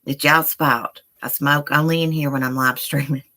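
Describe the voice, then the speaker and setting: A woman's voice: low-pitched, steady tone, moderate pace, bright, forceful tone. A woman hosting a live stream from home, chatting casually and rambling while she talks to her viewers as y'all. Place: indoors at home.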